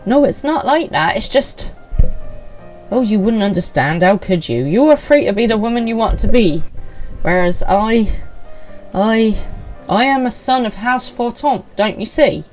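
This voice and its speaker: A woman's voice: medium pitch, expressive, a little slow, darkish tone, faint music behind, pitched above the performer's own voice, natural voice, low-quality recording. A woman voicing a self-pitying young noble man, delivered in a theatrical, overwrought way. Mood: dramatic.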